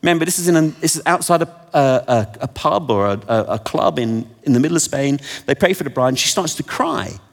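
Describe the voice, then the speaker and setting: A man delivers a sermon with animated storytelling and wry asides about himself. His voice sits at a middle pitch for a man. It carries with a long reverb from a large hall. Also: fairly quick, few pauses. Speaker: preacher. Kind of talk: sermon with anecdotes.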